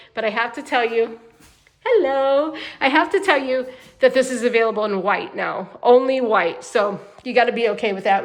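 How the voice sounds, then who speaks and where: A woman hosting a walkthrough tour inside a manufactured home, chatty and upbeat as she talks straight to viewers, tired at the end of a long day. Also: a little high. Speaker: home sales host giving a tour.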